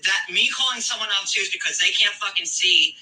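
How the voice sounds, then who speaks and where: A man rants on a live stream, swearing nonstop and hammering his points home by repeating them. His voice sits high and sounds piercingly bright and sharp. The clip is played back and heard from a distance. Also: brisk. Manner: swears constantly, mocking, repeats himself for emphasis. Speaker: reality show commentator. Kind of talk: profane angry rant on a live stream.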